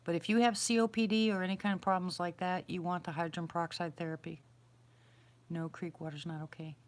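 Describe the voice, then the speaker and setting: A middle-aged woman with a slightly low voice chats loosely on a live stream, outdoors at night. She rambles and restarts as she answers her viewers one by one, in a plain, homey way. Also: fairly even intonation, fast. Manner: rambling, chatty, answers chat questions aloud. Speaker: livestream host answering viewers. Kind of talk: casual live-stream chat.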